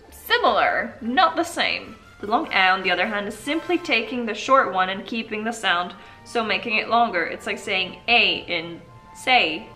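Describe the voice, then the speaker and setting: A woman's voice: mid-range voice, sharp tone. A woman casually vlogging about vowel sounds, joking, interrupting herself and sounding vowels out over and over. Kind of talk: casual language vlog.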